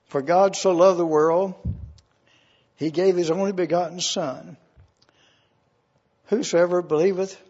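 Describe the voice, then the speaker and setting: Slow, husky-voiced man preaching. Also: high voice, a little mellow, dull audio. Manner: slow, earnest storytelling, acting out voices in the story. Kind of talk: sermon illustration told as a story.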